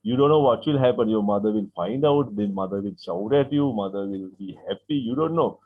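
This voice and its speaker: A man teaching an English class online, repeating phrases, asking "right?" to check understanding and acting out example sentences. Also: fairly low pitch. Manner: acts out example sentences with lively, drawn-out delivery. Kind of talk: online English lesson explaining vocabulary. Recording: tinny call-like line from an online class.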